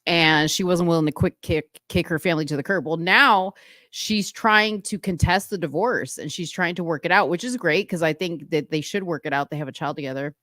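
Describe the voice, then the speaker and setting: A woman co-hosting a casual chat, animated and gossipy as she tells stories and laughs often. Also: on the low side, brisk, dry recording, clean studio sound. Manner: gossipy storytelling. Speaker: podcast co-host.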